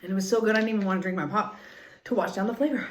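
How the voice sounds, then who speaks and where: A woman's voice: mid-range voice, very fast, slight background noise. A woman vlogger chatting casually and rambling while she eats on camera. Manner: chatty, rambling, mouth full between lines. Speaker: mukbang vlogger. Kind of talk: casual eating chat. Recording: echoey room.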